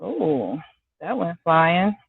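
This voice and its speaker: A woman's voice: fairly low pitch, big pitch swings, extremely slow, vocal fry, slight background noise. Chatty woman cooking on a tinny live stream. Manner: chatty, talks to viewers by name, apologetic. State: clearing a scratchy throat. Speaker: home cook hosting a live cooking stream. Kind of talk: casual live-stream chat while cooking. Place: home kitchen. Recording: dry, tinny phone-like sound.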